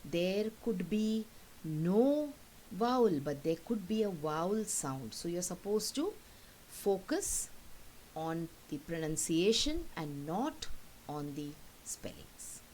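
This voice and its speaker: Slow, patient woman teaching pronunciation. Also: fairly low pitch, very animated, darkish tone, poor audio. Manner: patient, repeats words slowly to model pronunciation. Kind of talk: recorded classroom lesson. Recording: faint hiss.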